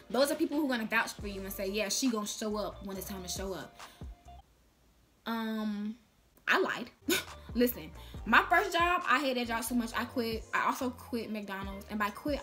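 A woman's voice: fairly high pitch, bright, forceful tone. A young woman vlogging to camera, giving sassy, playful tips in casual slang. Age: young adult.

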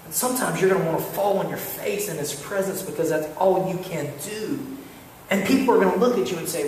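A man preaching a sermon, animated storytelling with repeated calls to listen. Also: high-pitched, fairly quick, a little hiss or hum. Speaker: pastor. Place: church sanctuary. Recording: echoey church hall, mic far off.

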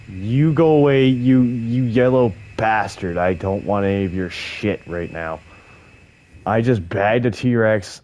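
A man giving live gameplay commentary, muttering and swearing to himself, with loud frustrated outbursts. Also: lowish voice, animated, slow. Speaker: gaming video host.

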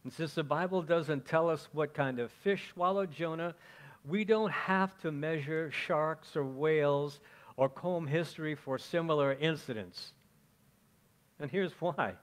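A man's voice: fairly high pitch, a little slow. A male pastor preaching a conversational sermon, often checking in with "okay?" and asking the congregation questions. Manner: chatty, asks the congregation questions, frequent "okay?".

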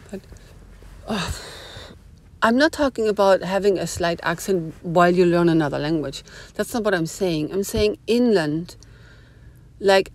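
A woman talking casually to her phone camera in a rambling, opinionated monologue full of asides. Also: lowish voice. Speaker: vlogger. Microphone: small phone camera.

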